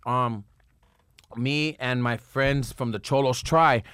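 A man's voice: medium pitch, fairly even intonation, slow, a bit bright, clean tone, no room sound. A man talking as a podcast guest, rambling and crude, with plenty of fillers and restarts. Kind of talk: casual chat.

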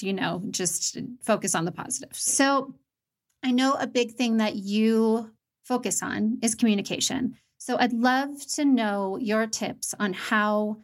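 A woman hosting a casual conversation, telling a personal story in an earnest way. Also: mid-range voice. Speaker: podcast host.

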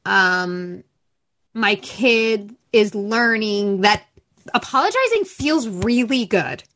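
A woman's voice: medium pitch, lively intonation, slow, fairly bright tone. A woman co-hosting a podcast, chatting candidly and frankly about parenting and swearing freely. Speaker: podcast co-host. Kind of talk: candid casual chat.

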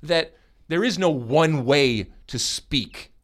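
An American man hosting a podcast in casual chat, animated and teasing, often restarting his sentences. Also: a little high, takes it slowly. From United States. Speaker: podcast host.

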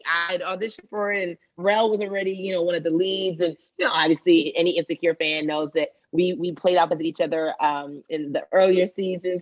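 A woman, an actress and comedian, chatting casually in an interview and acting out quotes with lively jumps in pitch. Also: dry recording. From Nigerian family, raised in America. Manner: animated storyteller, acts out quotes with big pitch jumps and laughter. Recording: dull lo-fi dry sound.

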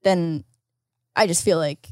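A woman's voice: lowish voice, slow, darkish tone, no room sound, studio quality. A woman co-hosting a podcast, chatting casually in a blunt, teasing way and swearing freely. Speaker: podcast co-host. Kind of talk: casual chat.

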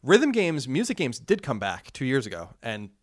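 A man co-hosting a casual gaming podcast, reading listener letters aloud and chatting in a quick, lively way. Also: mid-range voice, dry recording, clean studio sound.

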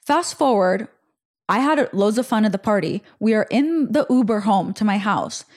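Woman, 20s, podcast host; casual, animated storyteller. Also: mid-range voice, normal speed. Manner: chatty, animated retelling with fillers.

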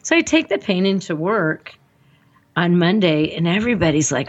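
A woman with a voice on the low side rambles through a personal story in a sing-song way at normal speed, acting out what people said and using "like" a lot. The audio has its highs cut off.

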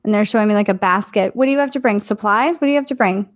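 A woman in casual chat, relaying what she senses as a psychic medium. Her voice sits at a middle pitch, and she talks in a hesitant, musing way, trailing off and filling gaps with ums. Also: very fast. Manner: hesitant and musing, full of fillers.

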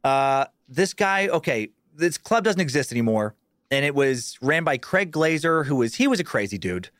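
A man's voice: a little high, sing-song, normal speed, fairly bright tone, no room sound, clean studio sound. A man, a comedian, telling a profane road story in casual podcast chat with lots of restarts and swearing.

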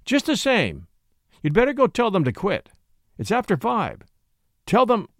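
A man playing a frightened mother from a storybook reading, her voice pitched high and lifting into urgent, frantic cries. The sound is dry and close. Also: wildly swooping pitch, measured pace, no echo, full character voice. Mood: uneasy. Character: frightened woman, a mother sensing danger. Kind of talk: audiobook reading.

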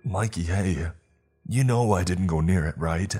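A man's voice: deep voice, measured pace, dark tone, breathy edge, soft background music. A man voicing a terrified sixteen-year-old boy tied to a chair, panicked and pleading. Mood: frantic.

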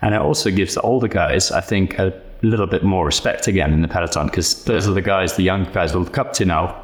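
Measured man with a low voice. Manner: measured, thinks aloud with many restarts. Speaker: podcast guest. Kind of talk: casual podcast chat.

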